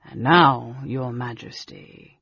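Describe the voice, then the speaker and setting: A scheming elf senator speaks low and quiet, calm and sarcastic, as a male reader puts him on. The voice is husky. It is a dry, dull lo-fi recording. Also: normal speed, dry recording. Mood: sly.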